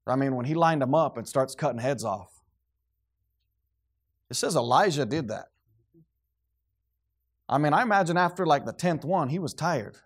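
A man preaching a sermon, animated and dramatic, acting out scenes and swinging from quiet, low passages to shouted ones. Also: normal speed, long pauses.

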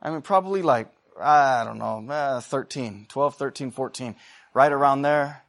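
A man preaches a sermon in a mid-range voice at normal speed. He swings between loud, fervent exhortation and quiet, chatty storytelling, calling out to the congregation for responses.

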